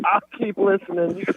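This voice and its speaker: Male caller on a tinny phone line. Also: high-pitched. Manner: friendly, teasing, groans about his losses. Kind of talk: casual call-in chat.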